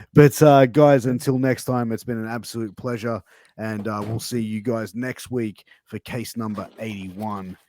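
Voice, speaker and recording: Man, low voice, dry close sound, casual podcast co-host, swears a lot. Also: fairly even intonation, a little slow, warm tone, no echo. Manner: swears freely, reads sponsor plugs.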